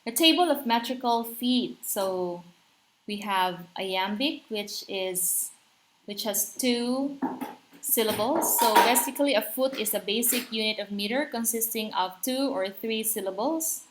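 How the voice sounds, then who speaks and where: A woman's voice: fairly high pitch, measured pace, background noise. A woman teaching a literature lesson, explaining terms and asking her listeners rhetorical questions. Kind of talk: literature lecture.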